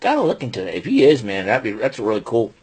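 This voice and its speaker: A man's voice: mid-range voice, wildly swooping pitch, quick pace, a little mellow, slightly rough. A man hosting a casual wrestling recap show, rambling and laughing at his own jokes. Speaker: podcast host.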